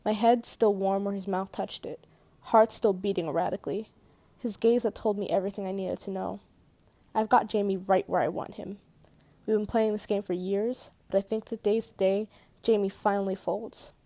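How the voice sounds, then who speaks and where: A woman's voice: medium pitch, fairly even intonation, normal speed, mellow, dry recording. A woman reading a first-person novel aloud in a casual way, correcting her slips and swearing at them. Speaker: audiobook reader.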